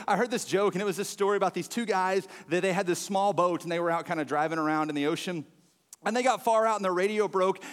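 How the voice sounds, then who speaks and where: A pastor delivers a sermon, his voice sitting high for a man. He talks loosely and conversationally, full of fillers, and acts out anecdotes with energy. The sound rings with long reverb from a church hall. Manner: conversational, animated storytelling with frequent fillers.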